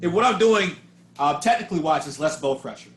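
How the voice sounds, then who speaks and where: A man teaching a double bass class over a video call, talking casually and hunting for words as he coaches. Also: expressive, fairly quick, echoey room, faint music behind. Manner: casual, searching, repeats words while thinking. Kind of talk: online masterclass coaching. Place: home room on a video call. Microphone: video call mic.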